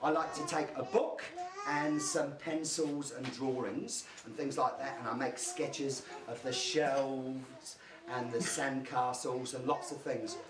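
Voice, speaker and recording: A woman performing a live storytelling show for young children, animated, making sound effects and getting the audience to join in. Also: extremely low pitch, slow pace. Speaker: children's entertainer. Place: large hall with a live audience. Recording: echoey hall, far mic, crowd noise.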